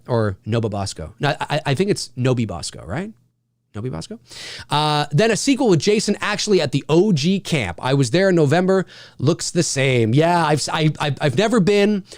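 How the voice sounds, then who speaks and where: Animated, lively man hosting a live stream. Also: fairly high pitch, no echo, studio quality. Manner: animated, swearing, acting out quotes. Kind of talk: casual live chat.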